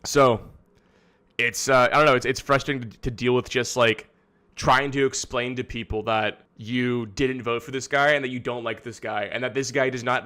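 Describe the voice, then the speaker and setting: A man rambles through casual livestream commentary in his studio. His talk is exasperated and full of swearing and restarts, and his voice sits at an ordinary middle pitch. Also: bright, forceful tone. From Canada. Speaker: streamer host.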